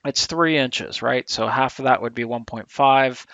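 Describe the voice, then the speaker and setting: A man giving a software tutorial screencast, thinking aloud with relaxed fillers and restarts, a little tired. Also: medium pitch, measured pace, dry recording, highs cut off. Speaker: instructor.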